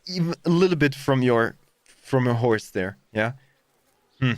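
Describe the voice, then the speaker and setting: A man's voice: mid-range voice, expressive, measured pace, pauses often, no room sound. A German man with a German accent streaming a game live, rambling and hesitant as he mocks the dialogue. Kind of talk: live gameplay commentary.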